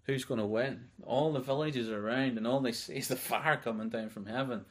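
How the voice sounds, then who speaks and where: A man giving a relaxed, unscripted Bible teaching, reading verses aloud as he goes. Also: mid-range voice, brisk. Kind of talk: conversational sermon.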